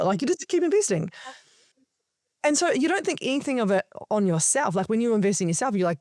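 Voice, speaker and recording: Animated, swearing woman. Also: mid-range voice, a little fast, dry recording, clean studio sound. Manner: animated storytelling, frequent swearing. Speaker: podcast guest, spiritual coach. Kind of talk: casual podcast conversation.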